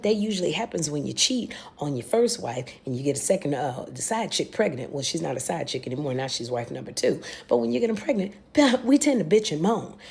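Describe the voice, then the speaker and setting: Gravelly young American woman recapping a show. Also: mid-range voice. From United States. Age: young adult. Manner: animated, exclamatory storytelling with blunt asides. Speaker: reaction video host. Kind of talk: casual recap and commentary.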